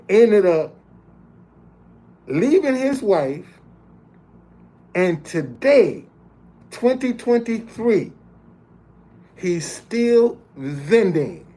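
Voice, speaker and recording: A man in his fifties or older, with a high-pitched and warm voice, tells a personal story as a motivational speaker. He speaks plainly and directly to his audience, often pausing to repeat words as he builds toward a point.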